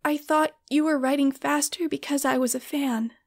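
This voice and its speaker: A woman's voice: sits high, steady tone, normal speed, vocal fry, voice pushed up. A woman reading as an earnest grieving fan. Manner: earnest, emotional. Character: grieving young woman, devoted book fan.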